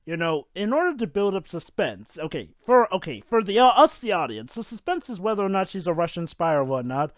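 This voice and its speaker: A man talking over a film in a casual group commentary, rambling, questioning the plot and quick to object. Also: high voice, very animated, no echo, clean studio sound. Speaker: podcast co-host.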